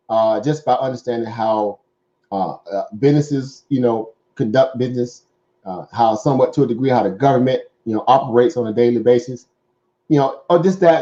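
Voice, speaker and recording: A Southern man hosting a casual stock market show speaks in a dark-toned, mid-range voice, and the recording's highs are cut off. He's rambling and conversational, full of fillers and "right?" tag questions.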